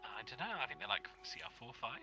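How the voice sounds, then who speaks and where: Quick, lively man giving game tips. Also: medium pitch. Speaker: co-host advising on the game. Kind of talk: casual gameplay advice. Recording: game music behind.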